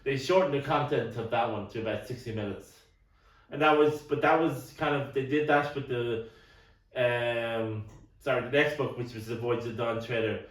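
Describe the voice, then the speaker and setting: A middle-aged man rambles through a casual podcast chat, tripping over repeated words and coughing at times. His voice is of middling pitch and sounds set back from the mic. The room around him is noticeably echoey. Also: moderate pace. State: coughing now and then. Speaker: podcast co-host. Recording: roomy, distant mic.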